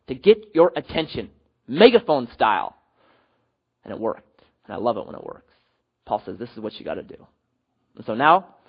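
A man preaching a sermon as pastor, animated with sudden drops to quiet. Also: on the high side, slightly rough, highs cut off.

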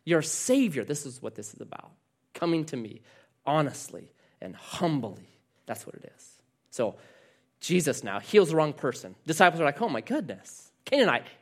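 A man's voice: medium pitch, a bit bright. A man preaching a sermon, telling a story with quoted dialogue in an earnest manner. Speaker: pastor.

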